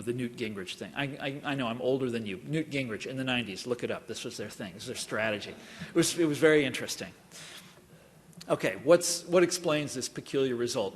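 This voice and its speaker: A middle-aged man from Kansas giving a public university lecture in a wry, conversational, digressive way. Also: mid-range voice. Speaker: guest lecturer. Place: large lecture hall. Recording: long reverb of a lecture hall.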